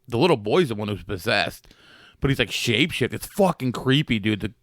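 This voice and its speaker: A man's voice: mid-range voice, lively intonation, a little fast, a bit bright, no echo, studio quality. A man co-hosting a podcast, chatting casually about a movie with crude jokes. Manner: laughing, crude, joking. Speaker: podcast co-host. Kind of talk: casual chat.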